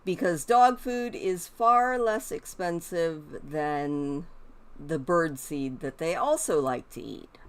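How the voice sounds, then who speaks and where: Woman streamer, low-pitched, unhurried, rambling chat at a desk mic. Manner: chatty, rambling, talks to her pet raccoons in a cooing voice. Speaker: gaming streamer. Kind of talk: casual chat while streaming.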